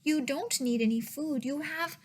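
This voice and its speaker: Woman doing a tiny, kind, squeaky mouse. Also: a little slow. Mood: soothing. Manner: soft, reassuring, high squeaky storybook voice. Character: small, kind, soothing female mouse. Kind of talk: children's storybook reading.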